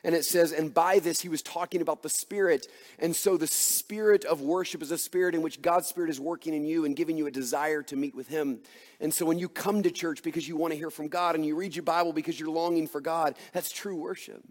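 A man's voice: fairly high pitch, steady tone, fairly quick, long reverb tail. A man preaching a sermon as pastor, earnest and emphatic, asking his listeners rhetorical questions.

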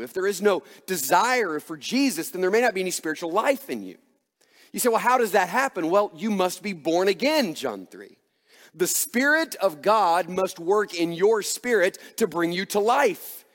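Male pastor, fairly high voice, earnest emphatic sermon delivery, long church-hall reverb. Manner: earnest, emphatic preaching with rhetorical questions.

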